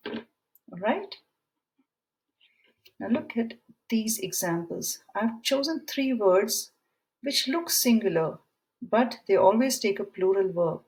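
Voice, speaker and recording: A woman's voice: mid-range voice, animated, slow, pauses often, darkish tone, poor audio. A woman teaching a grammar lesson, explaining rules through example sentences and reading quiz items aloud. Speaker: English teacher. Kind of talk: slow, deliberate grammar lesson.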